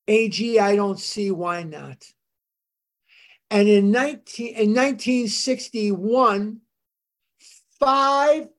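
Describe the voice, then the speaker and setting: An older speaker tells the founding story of a recovery fellowship at a very unhurried pace. Dates and names come out one careful phrase at a time. The voice sits at a middling pitch. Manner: slow, deliberate, recounting dates and names. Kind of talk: storytelling history talk.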